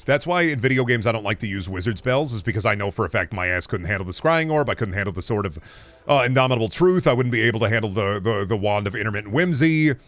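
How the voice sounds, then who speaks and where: Rambling, goofy male game streamer. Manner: rambling, goofy, swings to loud high bits; swears freely. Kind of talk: casual gameplay commentary.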